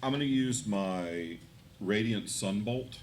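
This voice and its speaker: Very low-voiced man at a game table. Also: slow pace, darkish tone. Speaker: player. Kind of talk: tabletop game play, live. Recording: live event with faint room noise.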